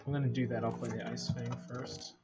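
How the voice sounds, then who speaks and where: A man's voice: medium pitch, flat delivery, fairly quick. Chatty Canadian man narrating his game. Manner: chatty, thinks out loud, jokes. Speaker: game streamer. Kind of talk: casual gameplay commentary. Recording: slightly muffled with faint hiss.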